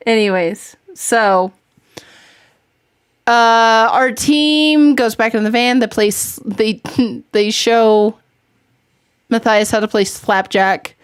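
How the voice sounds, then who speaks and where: A woman's voice: fairly high pitch, drawn-out words, long pauses, clean tone, no echo, studio quality. A woman hosting a podcast in casual chat, giggling often and rambling as she talks. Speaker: podcast host.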